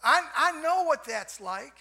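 An older man preaching a sermon in a folksy way, repeating "amen" and swinging from soft passages to shouts. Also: extremely high pitch, sing-song, a little slow, vocal fry. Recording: long hall reverb.

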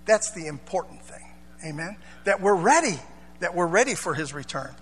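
This sermon comes from a male pastor whose high, bright voice is also husky and expressive, delivered at a moderate pace. He talks conversationally and draws the congregation into call-and-response, with a long church-hall echo over a faint hum.

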